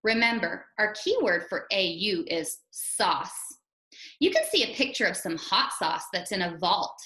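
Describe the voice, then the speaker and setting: A female first grade teacher speaking slowly and clearly to young children, patiently sounding out each phonics sound. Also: medium pitch, expressive, bright, forceful tone. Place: home or classroom, recorded for a school TV video. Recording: echoey room.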